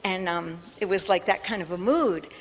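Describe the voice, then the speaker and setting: An older woman with a somewhat low voice, speaking at a normal speed, shares a personal story as a panel speaker. She's chatty, says "um" a lot, and laughs along the way, recorded in a reverberant hall with faint noise.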